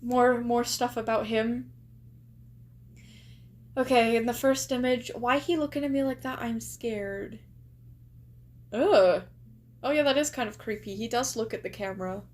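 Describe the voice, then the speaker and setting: A woman's voice: fairly high pitch, a little slow, pauses often. A young woman streamer chatting casually as she reacts, gushing and asking lots of rhetorical questions. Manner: chatty, exclaims and gushes, many likes and rhetorical questions.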